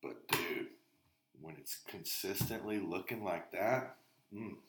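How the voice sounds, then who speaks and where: A man's voice: low voice, slow, roomy sound, background noise. A man on a podcast, telling rambling stories full of swearing in casual chat. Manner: profane, rambling storyteller. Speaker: podcast co-host.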